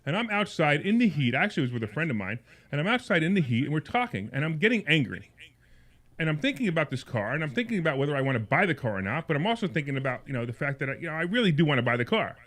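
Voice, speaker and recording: A radio call-in host with a rather high, fairly bright voice talks rapid-fire and very animatedly. His long personal story wanders, with repeated words and restarts, and his indignation builds until he's heated.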